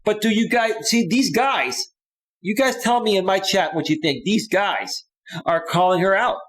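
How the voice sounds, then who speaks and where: A male dating coach talks through a live stream, reading viewers' chat comments aloud and answering them in an emphatic, conversational way. His voice sits a bit higher than most men's. He keeps checking in with "right?" as he makes his points. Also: moderate pace, a bit bright. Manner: emphatic, repeats "right?" often.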